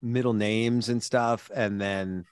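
A man's voice: fairly low pitch, steady tone, slow, clean tone, no room sound, clean studio sound. A man, a podcast co-host in casual chat, who rambles through stories and fills them with "like". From California. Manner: rambling storyteller, heavy use of "like".

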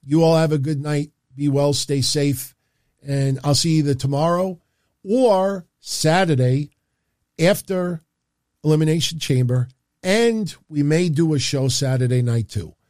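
A man's voice: on the high side, a little slow, darkish tone, dry recording, clean studio sound. A man hosting a podcast, talking straight to his listeners in an upbeat, chatty way as he wraps up the show. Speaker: podcast host. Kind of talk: casual show sign-off.

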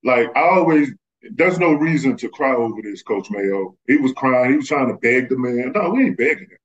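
A man from Texas, a former basketball player, telling animated stories as a podcast guest and acting out the people he quotes. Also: mid-range voice, moderate pace. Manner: animated, acts out quoted voices. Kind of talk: casual storytelling. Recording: slightly muffled lo-fi audio.

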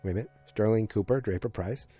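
A man hosts a casual recap show, retelling scenes in a loose, rambling way full of fillers. His voice sits a bit low and sounds mellow and slightly husky. Faint music plays quietly behind him. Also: fast. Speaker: podcast host recapping a TV episode.

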